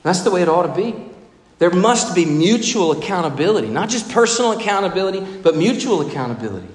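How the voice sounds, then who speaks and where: Man, sermon, expressive preaching, fairly high voice, echoey hall reverb. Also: fast talker. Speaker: pastor.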